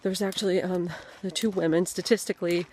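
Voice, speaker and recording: A woman comedian delivering a mock-serious on-location report outdoors, talking haltingly with many fillers. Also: fairly low pitch, fairly even intonation, darkish tone, slight background noise. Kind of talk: deadpan mock documentary narration.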